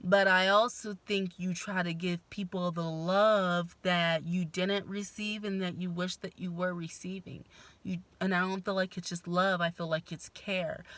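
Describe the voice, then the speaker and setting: A woman's voice: fairly low pitch, steady tone, a little slow, fairly bright tone. A woman giving a casual spoken tarot reading, frank and blunt, swearing freely and sighing between thoughts. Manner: frank, blunt and profane, with sighs and laughs. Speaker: tarot reader.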